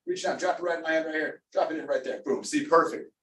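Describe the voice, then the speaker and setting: A man's voice: on the high side, steady tone, fast, fairly bright tone, echoey room, distant mic, slight background noise, low-quality recording. A man leading a live online workout class as coach, upbeat and encouraging, calling out names and counting down reps. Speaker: fitness coach.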